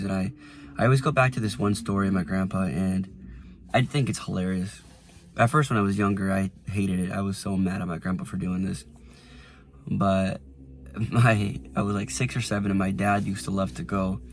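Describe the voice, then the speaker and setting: A man's voice: deep voice, slight background noise. Rambling young man vlogging from his car. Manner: rambling, lots of "like" and restarts, softens when emotional. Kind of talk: casual reflective vlog. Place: inside a parked car.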